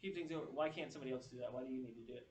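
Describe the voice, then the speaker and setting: A motivational speaker gives a keynote to students in a large echoey room, telling stories and animatedly acting out what others said. His medium-pitched delivery is rapid-fire, and the mic picks him up from a distance, with a little hiss or hum.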